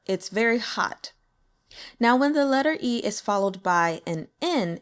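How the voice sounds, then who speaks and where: A native English-speaking woman teaches pronunciation in a casual lesson, speaking at a medium pitch and a little slowly. As a language teacher, she stays upbeat and demonstrates sounds with exaggerated examples.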